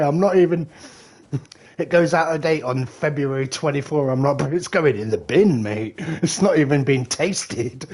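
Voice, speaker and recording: A man's voice: on the high side, a little mellow. A British man chatting casually while gaming on a live stream, rambling, swearing and laughing often, a little tipsy. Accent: British English. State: slightly tipsy.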